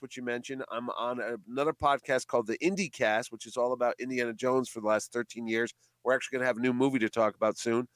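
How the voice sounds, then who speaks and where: A man who organizes a comic convention, chatting casually in a radio interview and telling animated stories. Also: mid-range voice, dry recording. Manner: chatty storyteller, animated quoting of others.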